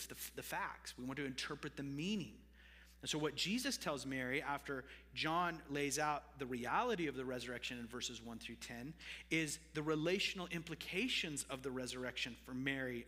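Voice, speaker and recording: A man preaches in a bright, forceful voice, chatting with his congregation between points. His voice rings through a church sanctuary with a long reverb tail. He sits at an ordinary middle pitch. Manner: conversational, with asides to the congregation. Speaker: pastor. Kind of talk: sermon.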